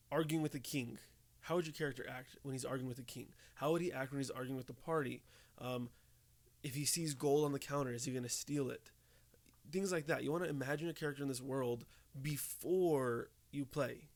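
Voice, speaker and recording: Chatty young man giving game tips. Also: mid-range voice. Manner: conversational, often checks in with "okay?" and "right?". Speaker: tabletop game tips host. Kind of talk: casual tips talk to camera.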